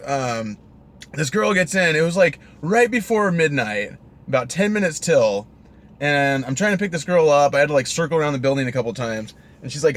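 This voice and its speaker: A young man and rideshare driver casually telling stories in a chatty, exasperated way, full of fillers. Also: medium pitch. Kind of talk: casual storytelling vlog.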